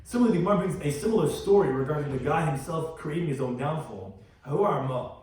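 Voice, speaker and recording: Male rabbi, Talmud lecture, quick and animated, explains each term, boomy room and distant mic. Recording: very echoey room, mic far off.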